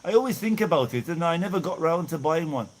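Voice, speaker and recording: A man's voice: a little high, animated, fast. A middle-aged man from England with a Birmingham accent, chatting casually on a live stream and thanking viewers by name. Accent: Birmingham English. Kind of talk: casual live chat, reading out viewer messages. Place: outdoors in hot weather.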